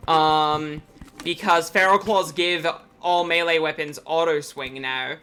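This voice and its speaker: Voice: medium pitch, steady tone, slow, a bit bright, slight background noise. A streamer giving live gameplay commentary, chatty and rambling with frequent ums.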